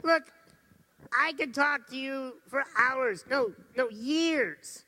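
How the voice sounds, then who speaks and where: Motivational speaker, man, earnest and unhurried, sharp bright tone. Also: very high-pitched. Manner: earnest, drops to soft intimate tones for serious points. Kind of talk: motivational stage talk.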